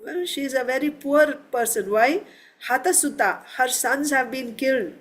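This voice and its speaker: Woman, scripture teacher, higher voice, explains word by word, quizzes the class. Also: normal speed. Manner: explains word meanings step by step, asks the class questions.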